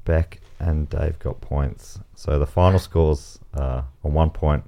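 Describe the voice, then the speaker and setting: A man's voice: rumbling low, fairly even intonation, slow, creaky, mellow. An Australian man hosting a comedy game show podcast, reading out answers and joking with guests, often laughing. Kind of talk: casual podcast banter. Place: podcast studio.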